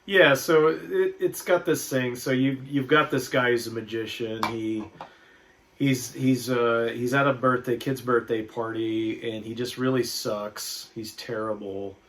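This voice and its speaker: A young man co-hosting a movie review podcast, chatting casually in an animated, profane, mocking way. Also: medium pitch, measured pace, a little hiss or hum. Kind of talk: casual chat.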